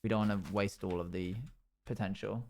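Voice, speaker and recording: A man's voice: lowish voice, steady tone, brisk, a little mellow. A man streaming live, chatting casually and telling rambling stories to his chat, acting out what people said. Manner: rambling anecdotes told to chat; acts out quotes in a raised voice. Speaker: livestreamer.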